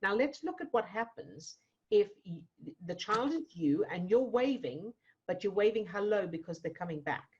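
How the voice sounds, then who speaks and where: A woman coach guiding a client in a one-to-one session, gentle and reassuring, asking questions. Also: mid-range voice, lively intonation, normal speed, lo-fi sound, slight background noise. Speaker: emotional fitness coach.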